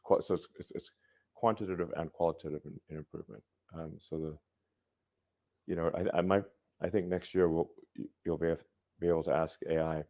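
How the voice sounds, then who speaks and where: A man talking as an interview guest in a halting, stop-and-start way. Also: low-pitched, fairly even intonation. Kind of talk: casual interview talk. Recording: muffled played-back clip.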